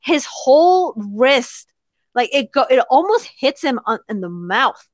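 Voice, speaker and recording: A woman with a high-pitched voice hosts a casual podcast chat, very animated yet a little slow, with no echo. She rants, swears a lot, and laughs often.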